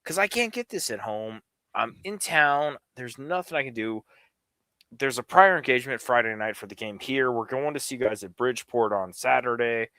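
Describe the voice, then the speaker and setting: A man's voice: medium pitch, normal speed, dry recording. A middle-aged man from the New York area, telling a long, rambling story on a casual livestream and swearing freely. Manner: rambling storyteller, profane, animated.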